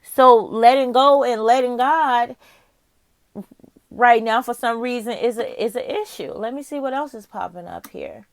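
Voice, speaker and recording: A woman's voice: on the high side, measured pace, no echo. Candid, swearing woman reading tarot. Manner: candid and profane, with frequent laughs; musing aloud, talking straight to the viewer. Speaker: tarot reader.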